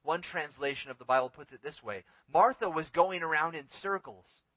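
A male preacher delivering a sermon with a bright, forward voice pitched a little high. He swings from emphatic, raised phrases down to hushed, near-whispered lines. The recording is dry and close. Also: moderate pace, no echo, low-quality recording. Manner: expressive, rising to emphatic peaks and dropping to hushed lines.

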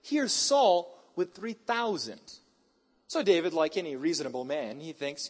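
A male preacher delivering a sermon in a hyper, animated storytelling style, mixing scripture with casual slang. His voice sits a little high and sounds slightly husky. His pitch jumps all over the place. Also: measured pace.

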